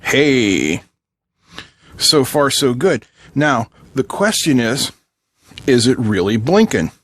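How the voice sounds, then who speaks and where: A man's voice: mid-range voice, big pitch swings, takes it slowly, fairly bright tone, no room sound, clean studio sound. A man hosting an electronics tutorial from his workbench, talking casually and joking with viewers while he solders and tests a circuit board. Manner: joking, chatty asides while working. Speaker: electronics channel host.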